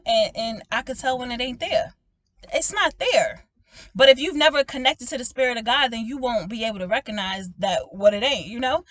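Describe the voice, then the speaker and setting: A woman preaching informally to her online viewers, animated and emphatic, often asking "okay?" and calling them "baby", with frequent laughs. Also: a little high, no room sound. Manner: laughs often, swinging between loud exclaiming and soft talk. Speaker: prophetic minister speaking to online viewers.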